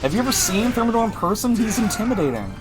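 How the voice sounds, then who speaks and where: Excitable male stream commentator. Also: sits high, over music. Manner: excitable, joking, quick to react. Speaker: esports commentator and stream host. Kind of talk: live fighting game commentary.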